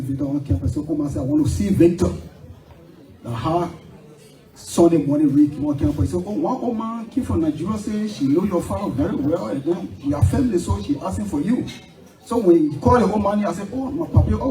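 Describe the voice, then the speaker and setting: Middle-aged Liberian man, repetitive and emotional eulogy, slightly high, roomy distant hall sound. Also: warm tone. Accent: Liberian English. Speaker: memorial speaker. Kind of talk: tearful eulogy. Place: memorial gathering hall. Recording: roomy hall from far off, faint music.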